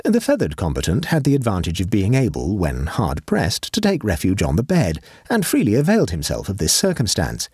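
A man reads a classic comic tale in a wry, measured way, his low voice husky and rising and falling widely across each sentence. The sound is close and dry, with no room around it. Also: wildly swooping pitch, darkish tone, no room sound. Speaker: narrator. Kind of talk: storybook narration.

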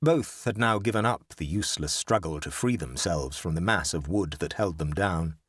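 A man narrating a story in a measured storytelling delivery. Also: deep voice, fairly bright tone, breathy edge, no room sound, studio quality. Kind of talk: scripted narration.

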